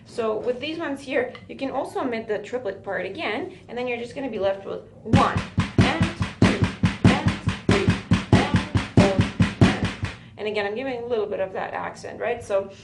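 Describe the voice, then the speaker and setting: A woman gives a patient drum lesson in an echoey room, drums ringing loudly behind her. She explains steadily, checking in with "right?" again and again. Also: fairly high pitch, quick pace, gravelly, few pauses, loud music behind the voice. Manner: patient, counts beats aloud, says "right?" often. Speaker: drum teacher. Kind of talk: music lesson for a student. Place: music school room with a drum kit. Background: drum playing.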